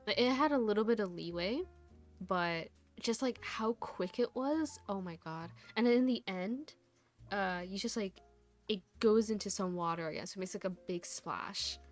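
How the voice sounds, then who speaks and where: A woman's voice: medium pitch, moderate pace, soft background music. A woman VTuber chatting casually to her stream viewers, rambling through a story with lots of laughs and fillers.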